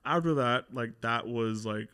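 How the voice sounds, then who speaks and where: Guy in his 30s telling a rough story in an interview, mid pitch, swears constantly, quotes everyone. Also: unhurried, sharp tone. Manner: blunt, swears a lot, acts out quotes. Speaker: guest.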